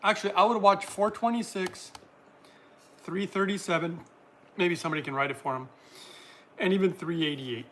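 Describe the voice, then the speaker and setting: A man's voice: high voice, moderate pace, long pauses, pushed and bright, slight background noise. A man hosting a casual livestream, reading out viewer comments and answering them in a chatty way, laughing often.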